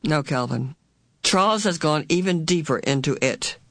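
A woman voicing an ancient, otherworldly female being who speaks in a cool, measured, calm way. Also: deep voice, no room sound, clean studio sound, exaggerated voice.

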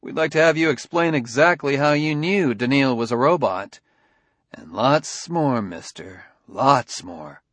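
A man's voice: medium pitch, animated, unhurried, a bit bright, no echo. A man doing a firm, needling detective. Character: shrewd, dry-humored male detective.

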